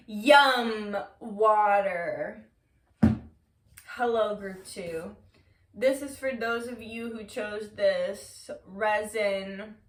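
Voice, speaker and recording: A woman giving a casual tarot reading to camera, talking loosely with lots of filler words and casual swearing. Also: mid-range voice. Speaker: tarot reader. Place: room, seated on the floor. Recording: echoey room, mic at a distance.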